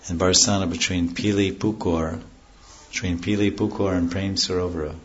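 Low-voiced man giving a rambling devotional talk. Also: level tone, normal speed, muffled recording. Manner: rambling, digresses into stories and loses the thread; explains chanted scripture terms in plain words. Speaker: spiritual teacher. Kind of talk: devotional lecture to a class.

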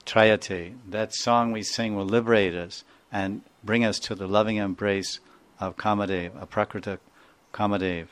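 A man's voice: lowish voice, fairly even intonation, normal speed, fairly bright tone, clean tone. A man giving a devotional lecture, digressive and prone to laughing, who acts out sounds as he goes. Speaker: spiritual teacher.

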